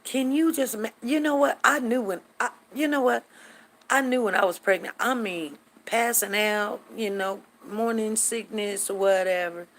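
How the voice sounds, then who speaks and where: A middle-aged woman hosting a casual live chat, telling stories in an animated, chatty way and acting out what people said. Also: fairly high pitch, normal speed. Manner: chatty, animated, acts out quotes, drawls. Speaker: host greeting live viewers.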